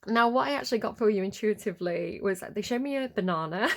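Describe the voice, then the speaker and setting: A woman's voice: medium pitch, lively intonation, fast talker, vocal fry, a bit bright. A woman giving a casual tarot reading, giggly, playful and rambling. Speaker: tarot reader.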